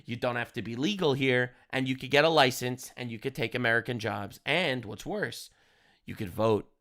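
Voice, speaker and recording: A man's voice: mid-range voice, normal speed, a bit bright. A man streaming commentary over video clips, crude, heated and sarcastic in his delivery.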